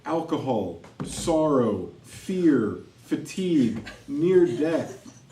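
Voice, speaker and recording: A man running a tabletop game as game master, narrating and ruling on rolls in a relaxed, wry way. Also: medium pitch, extremely slow. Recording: roomy echo, mic at a distance, faint noise.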